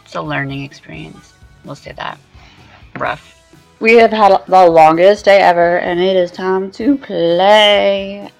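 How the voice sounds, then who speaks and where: A woman's voice: lowish voice, unhurried, creaky, a little mellow, faint music behind, rough recording. A young woman vlogging casually from a psychic conference, tired with a worn voice, swearing freely and talking straight to her viewers. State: tired, voice shot. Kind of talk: casual vlog to camera.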